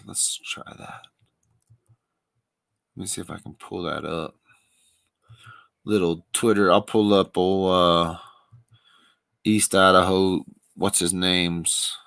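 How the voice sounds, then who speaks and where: A male livestream commentator with a low, gravelly but fairly bright voice rambles wryly, thinking aloud through casual live commentary. The sound is close and dry, with no room echo.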